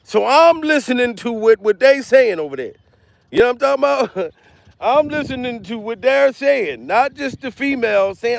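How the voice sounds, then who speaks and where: A man doing a loud, profane comedic commentary vlog, repeating himself and laughing between rants. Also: very high voice, expressive, moderate pace, vocal fry. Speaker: comedian vlogger. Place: outdoors.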